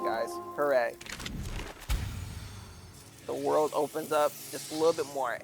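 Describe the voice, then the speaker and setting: A man streaming a game, telling a rambling story in a casual way, tagging his sentences with "like" and "right?". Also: a little high. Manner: rambling, with many "like" and "right?" tags. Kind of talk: casual storytelling while gaming.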